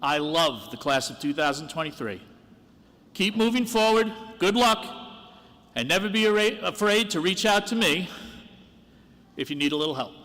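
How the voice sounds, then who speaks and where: A man delivers a graduation speech as dean of the senior class, earnest and encouraging with a self-deprecating streak. His voice is bright and fairly high, and it carries a long hall reverb. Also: expressive, normal speed, pauses often.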